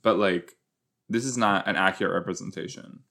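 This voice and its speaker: A man's voice: low voice, brisk, vocal fry, pushed and bright. A young man giving casual, joking commentary while reacting to a TV episode, with rambling asides. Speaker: show reaction host.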